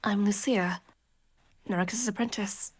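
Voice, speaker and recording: A woman's voice: mid-range voice, fairly even intonation, unhurried, crowd noise, lightly acted. Woman playing an earnest young apprentice mage. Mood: guarded. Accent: put-on British. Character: young female mage's apprentice, earnest and wary.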